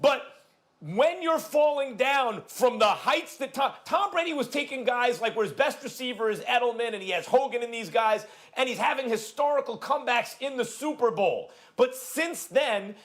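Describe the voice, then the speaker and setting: A man with a very high speaking voice argues his case on a sports debate show. He piles up statistics emphatically, often restarting mid-phrase. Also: expressive, moderate pace, faint music behind. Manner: emphatic, stat-heavy arguing with stammered restarts.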